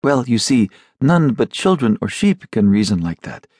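A man voicing a calm, lecturing town secretary. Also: mid-range voice, normal speed, slightly rough. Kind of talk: audiobook character reading.

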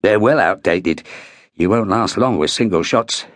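A male narrator playing a gruff, scornful army sergeant who talks in a blunt, coarse growl. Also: fairly low pitch, measured pace, no room sound, lightly acted.

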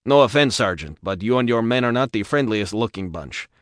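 A man's voice: on the low side, expressive, brisk, no echo, clean studio sound, lightly acted. A man voicing a confident, commanding male engineer with formal speech, in an audiobook.

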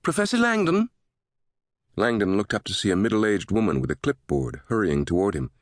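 A man narrating a thriller audiobook in a steady, measured way. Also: low-pitched, dry recording, studio quality.

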